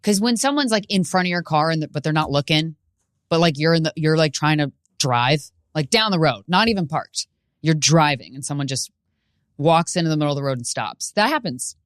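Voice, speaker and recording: Brief: woman, podcast comic, low voice, rambling and profane, bursts into yells, dry close mic. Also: brisk, dry recording. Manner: profane, rambling, animated with sudden shouted bits. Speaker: podcast host and stand-up comedian. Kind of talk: solo comedic monologue.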